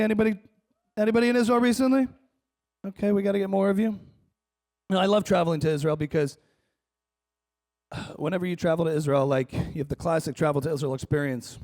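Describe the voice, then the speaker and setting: A man doing a stand-up comedy set on a conference stage, wry and animated, playing to the crowd. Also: high voice. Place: large conference hall stage.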